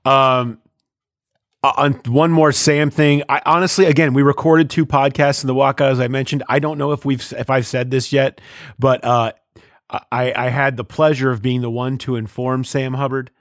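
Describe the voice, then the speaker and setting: A man talks sports on a podcast, his voice sitting in a middle range and recorded close and dry. He gets animated and ranting as he tells stories. At times he mimics the people in them. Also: mid-range voice, moderate pace, no room sound. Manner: animated, ranting, mimics others mid-story. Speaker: podcast host. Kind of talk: casual sports podcast chat.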